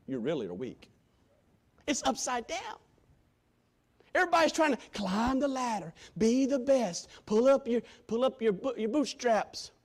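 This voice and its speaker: A male preacher giving a sermon, quoting scripture in old-fashioned wording and swinging from shouted appeals to hushed, quiet lines. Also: very high-pitched, sing-song, normal speed. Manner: impassioned, swinging from loud shouting to hushed tones.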